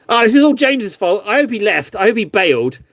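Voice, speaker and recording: A man with a slightly higher, somewhat bright voice talks quickly and very animatedly on a casual live stream, reviewing viewers' miniature paintings. He rambles and playfully pokes fun at himself. He's recorded close on a desk mic, with a dry sound and no room echo.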